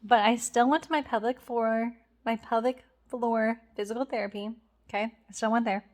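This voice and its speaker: A woman's voice: on the high side, fairly even intonation, moderate pace, a little mellow. A young woman talking casually to camera in a rambling way, full of fillers and restarts, with a slightly stuffy, runny nose. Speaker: vlogger.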